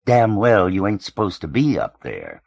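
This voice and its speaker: A man's voice: sits low, huge pitch swings, normal speed, vocal fry, no echo, exaggerated voice. A man reading the part of a menacing young street tough who drawls taunts and threats, in an audiobook. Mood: taunting.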